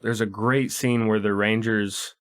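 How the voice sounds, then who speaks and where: Low-voiced, laid-back man recapping a movie. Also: fairly even intonation, a little slow, clean tone. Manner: laid-back, profane, hesitant restarts. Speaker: podcast co-host. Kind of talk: casual movie-review chat.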